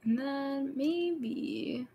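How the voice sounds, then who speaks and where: A woman's voice: sits high, extremely slow, warm tone. A woman chatting casually while playing a game, playful and teasing. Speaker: co-player. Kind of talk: casual gaming chat.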